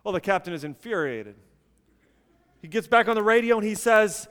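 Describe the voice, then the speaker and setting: A man preaching a sermon, emphatic at times and dropping to quiet intensity. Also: sits high, expressive, normal speed, clear, resonant tone, big-room sound.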